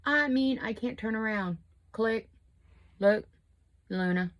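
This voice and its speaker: A woman's voice: fairly high pitch, takes it slowly. A woman, chatting casually and rambling while she does her makeup at home. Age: 50s. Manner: rambling, chatty, self-deprecating. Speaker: crochet and makeup vlogger. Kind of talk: casual chat while getting ready.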